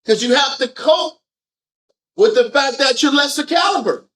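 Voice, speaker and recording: A man leading a group scripture discussion, animated and firing off rhetorical questions. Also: extremely high pitch, normal speed. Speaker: discussion leader.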